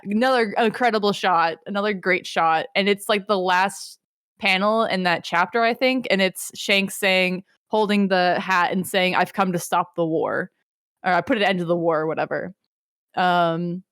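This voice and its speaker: A young woman co-hosting a podcast, recapping a story in an animated, rambling casual chat. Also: on the low side, smooth, no room sound, studio quality. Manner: animated, rambling, lots of fillers. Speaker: podcast co-host.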